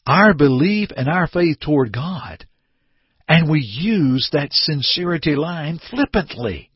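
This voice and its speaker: A man's voice: on the high side, takes it slowly, breathy edge, no room sound, highs cut off. A man preaching an earnest radio sermon, acting out short everyday scenes to make his point. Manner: earnest, animated preaching with acted-out little scenes.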